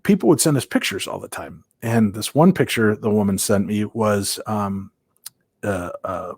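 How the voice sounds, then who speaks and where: A man from Minnesota telling paranormal investigation stories as an interview guest, animated and acting out quoted voices. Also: on the low side, moderate pace, husky, no room sound, clean studio sound. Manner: lively, acts out quoted voices, many restarts.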